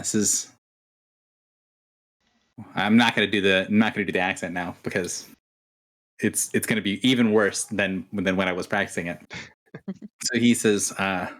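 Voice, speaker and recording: Gm guy narrating the game, lowish voice, lots of ums and restarts. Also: fairly even intonation, measured pace, pauses often, fairly bright tone. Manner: chatty, hesitant with fillers and restarts. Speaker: game master. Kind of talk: running a tabletop game.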